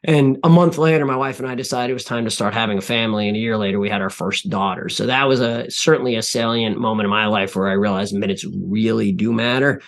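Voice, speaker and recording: A man in his forties, a podcast guest, telling reflective stories in an earnest way, often pausing and restarting. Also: lowish voice. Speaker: podcast guest, CEO and author. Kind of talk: interview storytelling.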